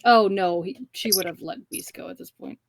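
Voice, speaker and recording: A woman playing in a tabletop game, speaking in a hesitant, halting way with many fillers. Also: lowish voice, creaky, a crowd in the background. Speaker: player. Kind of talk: casual tabletop play.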